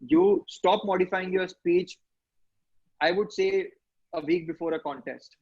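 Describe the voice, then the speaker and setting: Husky man coaching speakers. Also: sits high, unhurried, a little mellow, lo-fi sound. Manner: earnest, coaching, rhetorical questions. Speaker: public speaking trainer. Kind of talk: online training session answering questions.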